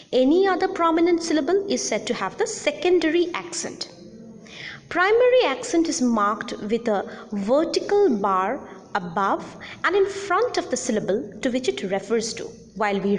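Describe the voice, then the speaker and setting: A woman giving an audio lecture on phonetics, speaking slowly and deliberately and spelling out words letter by letter. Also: on the high side. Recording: long reverb.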